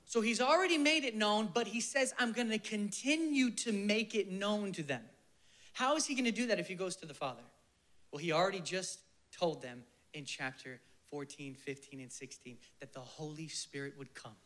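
Man preaching with hushed passion. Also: high-pitched, expressive. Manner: passionate, swinging from emphatic bursts to hushed near-whispers; leads the listeners in a slow, soft prayer. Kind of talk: sermon.

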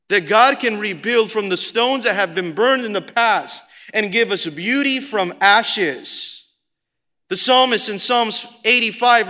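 Male pastor preaching, very high and bright voice, slow deliberate emphasis, long church reverb. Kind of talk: sermon.

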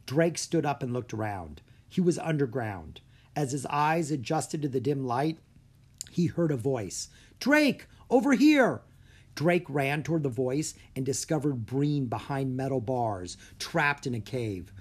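A narrator reading a children's audiobook with expressive storytelling. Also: mid-range voice, a little slow, slightly rough.

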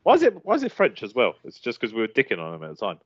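A man's voice: medium pitch, rapid-fire, husky, no echo. A man hosting a casual podcast chat, reading through a list and laughing often. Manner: laughs often, lively banter. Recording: dull lo-fi sound, dry.

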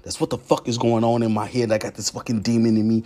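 A man hosting a podcast, talking in a candid, profane, confessional monologue that swings from low murmurs to heated outbursts. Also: little pitch movement, quick pace, hardly any pauses, mellow. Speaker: podcast host.

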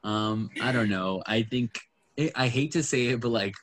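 A man with a medium-pitched, somewhat bright voice chats at a moderate pace about a reality show, rambling casually with lots of fillers and quoted asides.

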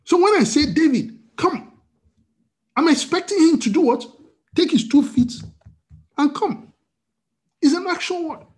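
A man's voice: extremely high pitch, expressive, normal speed, long pauses. A man preaching a sermon as pastor, asking the congregation rhetorical questions.

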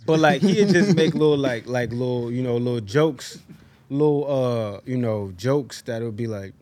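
A young man co-hosting a podcast tells stories among friends in a relaxed chat, acting out quotes and laughing a lot. His voice is medium-pitched and his pace moderate, and he's an animated storyteller.

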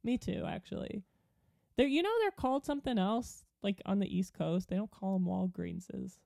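Woman rambling thru a podcast story, giggling a lot, dry close mic, middle pitch. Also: normal speed, creaky, dark tone, dry recording. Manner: giggly, rambling storyteller who trails off and restarts. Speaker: podcast co-host. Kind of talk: casual chat.

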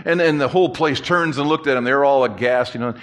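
Animated storytelling pastor, man. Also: medium pitch, fast. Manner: animated, jokey storyteller who repeats and restarts phrases. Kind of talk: sermon with personal storytelling.

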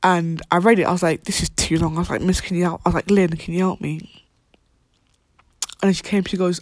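A woman's voice: fairly low pitch, steady tone, a little fast, no room sound. Young woman, rambling and heartfelt. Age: young adult. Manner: rambling, heartfelt, full of fillers and restarts; slang-heavy, drops to whispers at times. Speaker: college student. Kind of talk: casual personal vlog.

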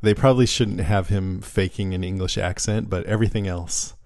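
A man's voice: deep voice, fairly even intonation, a little fast, a little mellow, no room sound, studio quality. A man co-hosting a casual podcast, easygoing and stumbling over restarts as he wraps up the show. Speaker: podcast co-host. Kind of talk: casual chat, show outro.

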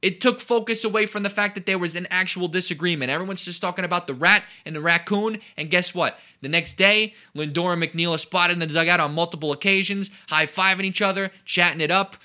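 Man, sports commentator, heated rant, indignant, emphatic, high voice. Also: fairly quick, few pauses, pushed and bright.

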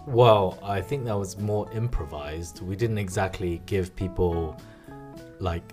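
A man's voice: low-pitched, music in the background. Teasing man co-hosting a podcast. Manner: teasing, quick with jokes. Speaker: podcast co-host. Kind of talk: casual chat.

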